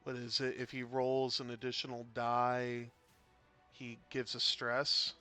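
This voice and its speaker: A man's voice: medium pitch, slow pace, clear, resonant tone, faint music behind. Chatty man casting a tabletop game. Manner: chatty, rambling, with sudden loud excited bursts. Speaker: game caster. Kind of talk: casual game commentary.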